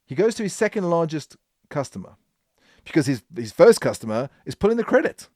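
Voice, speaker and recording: A man hosting a podcast, telling a business history story in an animated, emphatic way. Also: a little high, a little fast, dry recording, studio quality. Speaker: podcast host.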